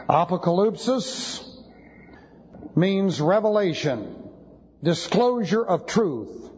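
A male Bible teacher in an emphatic lecture style, stopping to spell out Greek words letter by letter. His voice sits a little high. The recording is a dull lo-fi tape with long reverb from a church hall. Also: darkish tone. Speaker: pastor.

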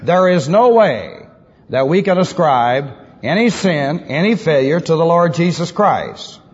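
In an animated yet unhurried way, a man preaches a methodical doctrinal sermon, stressing key phrases by repeating them. His voice is husky and fairly high, captured on an old lo-fi recording in a reverberant hall.

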